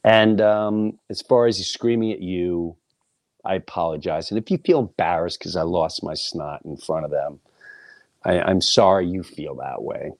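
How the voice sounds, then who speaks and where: A man's voice: sits low, normal speed, vocal fry, no room sound, studio quality. A middle-aged man hosting a podcast, telling a personal story in a blunt, profane, casual way and acting out the people he quotes. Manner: animated, acts out quoted voices, blunt and profane. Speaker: podcast host.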